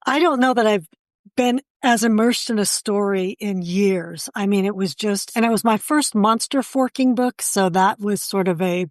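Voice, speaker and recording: A woman's voice: medium pitch, moderate pace, dry recording, clean studio sound. A woman guest talking earnestly in a casual podcast chat, a little hesitant.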